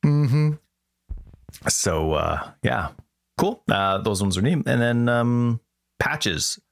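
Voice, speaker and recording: A man's voice: medium pitch, animated, takes it slowly, gravelly, dry recording, studio quality. A man co-hosting a podcast in casual chat, telling rambling jokey stories. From Canada. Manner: rambling, joking storyteller. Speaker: podcast co-host.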